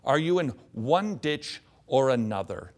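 A man's voice: medium pitch, very animated, measured pace. A middle-aged man teaching from the Bible on a show, reading scripture aloud and dropping in jokey asides.

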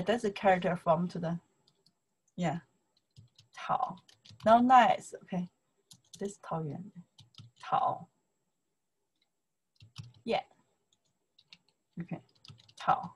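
A woman with a Chinese accent and Mandarin as her first language, teaching a casual online lesson. She speaks slowly and repeats "okay?" again and again to check that her students follow. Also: mid-range voice, slightly rough. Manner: slow, repetitive, checks in with "okay?" constantly.

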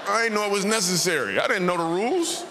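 A man's voice: high voice, animated, fast, noisy background. A man in his thirties doing a stand-up comedy set in a church, telling a story and acting out the voices. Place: large church auditorium. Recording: reverberant hall, faint ambience.

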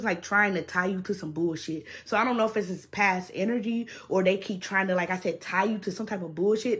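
A woman's voice: mid-range voice, a bit bright. A young adult woman doing a casual tarot reading to her viewers, blunt and full of swearing, who keeps checking in with "okay?". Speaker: tarot reader.

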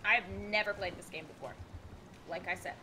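A young woman playing a game for the first time as a guest, chattering in a bubbly, excitable way. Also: lowish voice, normal speed, slight background noise. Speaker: guest co-player. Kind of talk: casual multiplayer let's play chat.

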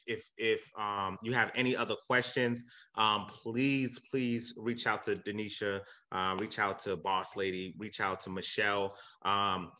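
Casting: man, real estate guest speaker, fired-up motivational preacher energy, bright forceful tone. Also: fairly low pitch. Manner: hyped, repetitive, cheering on donors; earnest and emotional when preaching. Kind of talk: motivational livestream talk.

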